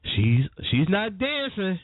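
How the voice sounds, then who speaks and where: Lively man hosting radio. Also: high-pitched, takes it slowly, no echo. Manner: animated, chatty, laughs while telling stories. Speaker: morning radio host. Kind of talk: casual radio talk and storytelling. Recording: dry, tinny phone-like sound.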